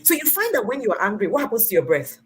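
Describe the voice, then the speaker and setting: A woman in her forties hosting a motivational talk, engaging her audience with questions she answers herself, swinging between loud emphatic bursts and soft near-whispers. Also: fairly high pitch, very animated, racing, soft background music, rough recording. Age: 40s. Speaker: host.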